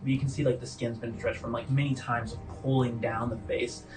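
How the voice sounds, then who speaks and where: A man's voice: mid-range voice, flat delivery, brisk, hardly any pauses. A man narrating as game master in a casual, descriptive way with frequent fillers. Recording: distant mic with faint music.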